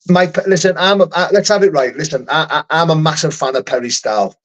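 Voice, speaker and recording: A profane man rambling on a livestream. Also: fairly high pitch. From United Kingdom. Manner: rambling and profane, with many restarts. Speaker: fighter hosting a livestream. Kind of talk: casual livestream chat, answering viewer comments.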